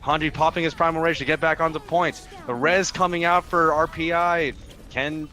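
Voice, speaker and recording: A man giving fast live play-by-play commentary on an esports match in clipped phrases. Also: fairly high pitch, flat delivery, pushed and bright. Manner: rapid play-by-play, clipped phrases, quick restarts.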